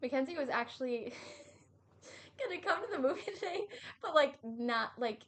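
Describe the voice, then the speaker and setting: Giggly young woman, slightly high voice. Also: lively intonation, normal speed. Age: young adult. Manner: giggly, trailing off mid-sentence. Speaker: podcast co-host. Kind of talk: casual chat.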